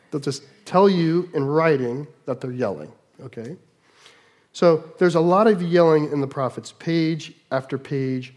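A middle-aged man preaching a sermon, moving between loud mock shouts and quiet asides. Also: on the high side, measured pace, long pauses. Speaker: pastor.

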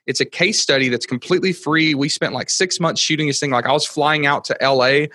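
A man in his thirties, a podcast guest telling stories in casual chat, excitable and rambling with lots of fillers. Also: fairly high pitch, a little fast, dry recording.

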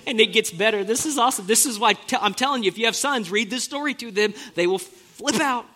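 A man preaching a sermon as an animated storyteller, with joking, playful asides to the congregation. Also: high-pitched, fairly quick. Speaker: pastor.

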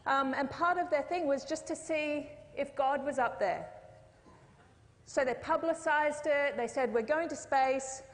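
A woman's voice: sits high, a little slow. A woman preaching a sermon, telling a story in a conversational way with jokes and asides. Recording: long reverb of a hall.

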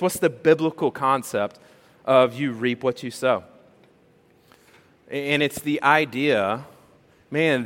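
A male pastor preaches in a conversational, animated style, tossing rhetorical questions at his congregation. His voice sits at an ordinary middle pitch. A long reverb from a large church hall hangs on every phrase. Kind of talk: sermon.

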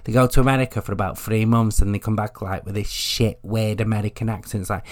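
A man's voice: on the low side, steady tone, quick pace, hardly any pauses. A man hosting a podcast, talking in a chatty, jokey way and swearing freely. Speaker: podcast host. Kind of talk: casual solo podcast chat.

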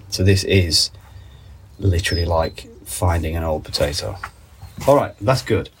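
A man with a very low, deep voice rambles casually through his podcast while nursing a cold. He talks into a phone in a greenhouse, tossing in wry asides, with faint birdsong and outdoor noise behind him. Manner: chatty, wry asides, reads labels aloud haltingly. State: under the weather with a cold. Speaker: podcast host. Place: garden greenhouse.

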